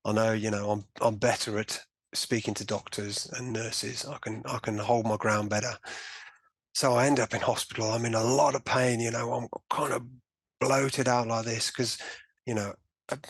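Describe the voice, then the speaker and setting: Guest voice: man, lively storyteller who acts out the remarks, dry close sound. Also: mid-range voice, slightly rough, dry recording. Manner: animated storytelling, acting out his own and doctors' remarks, many "you know" fillers. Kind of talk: personal story in a conversational interview.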